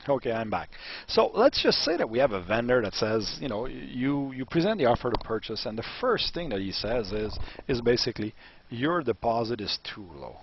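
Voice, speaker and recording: A husky-voiced man teaching negotiation, his pitch rising and falling freely as he acts out little exchanges. The sound is dull and lo-fi. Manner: animated, acts out dialogues. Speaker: business coach. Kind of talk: coaching lesson on negotiation. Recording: dull lo-fi recording.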